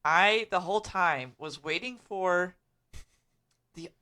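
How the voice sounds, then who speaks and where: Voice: medium pitch, slow, bright, forceful tone. A podcast co-host ranting emphatically in casual chat.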